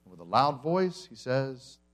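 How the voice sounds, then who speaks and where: This male pastor, medium in pitch and a little slow, gives a conversational sermon before his congregation. He tells the story animatedly, voicing the characters' quotes for comic effect.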